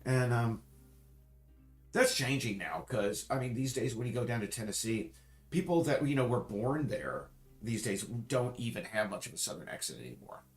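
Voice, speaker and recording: A man at a mid-range pitch rambles through a casual livestream chat, starting over and correcting himself as he goes. His voice carries a roomy echo, as if the room around him has bare walls. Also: expressive, moderate pace, faint music behind. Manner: rambling, frequent restarts and self-corrections. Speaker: streamer.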